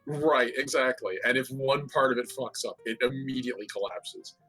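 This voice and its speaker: A man's voice: medium pitch, moderate pace, breathy edge, faint music behind, low-quality recording. A man brainstorming a setting in casual chat, rambling with lots of fillers. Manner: rambling, filler-heavy, animated.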